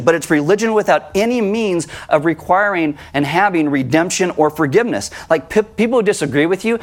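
Man preaching with a higher voice. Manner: conversational preaching with acted-out quotes. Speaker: pastor. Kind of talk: sermon.

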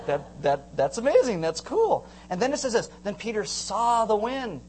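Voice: medium pitch, measured pace, breathy edge, poor audio. A pastor giving a casual, conversational sermon, retelling stories with humor and acting out voices. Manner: animated storytelling, acts out voices with humor.

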